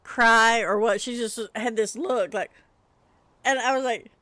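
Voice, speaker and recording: A woman's voice: a little high, measured pace, bright, forceful tone, dry recording. A middle-aged woman, chatting casually with viewers on a gaming livestream and laughing often as she tells a story.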